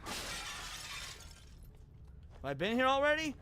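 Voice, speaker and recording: A man streaming a game with a very high, bright voice. He is excitable, swears freely and bounces between complaints and chat banter. His pitch moves all over the place. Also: moderate pace. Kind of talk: casual gaming commentary.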